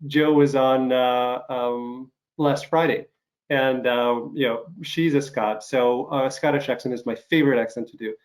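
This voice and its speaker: A male podcast host recovering from covid chats on a video call for a casual interview, coughing now and then. He rambles with lots of fillers and restarts, though his mid-range voice stays steady and his pace measured.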